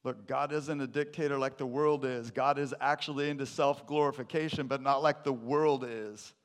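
A man's voice: mid-range voice, steady tone, normal speed. Pastor man telling a joke in a sermon. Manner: storytelling with a joke, then teaching.

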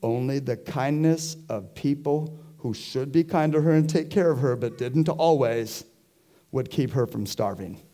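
Male pastor, mid-pitched, warm and mellow, slow deliberate sermon delivery with a chatty question-asking manner. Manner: conversational, asks the congregation questions. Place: church.

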